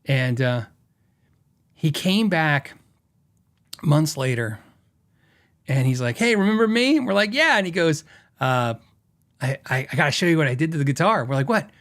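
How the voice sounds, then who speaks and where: A man's voice: medium pitch, lively intonation, moderate pace, pauses often, fairly bright tone. A middle-aged man hosting a podcast, telling a rambling story with many fillers and acted-out quotes. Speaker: podcast host and guitar shop owner.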